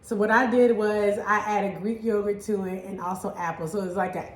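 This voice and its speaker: A woman, chatting excitedly while she cooks in a casual vlog. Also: medium pitch, moderate pace, reverberant. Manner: chatty and excitable, laughs easily. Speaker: fitness vlogger cooking at home. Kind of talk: casual cooking vlog chat.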